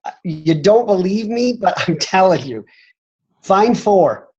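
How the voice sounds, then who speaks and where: A man's voice: sits high, expressive, moderate pace, a little mellow, slightly rough, muffled recording. A man answering questions as a company executive, talking emphatically and often pressing his point with "I'm telling you.". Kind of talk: motivational talk on a training call.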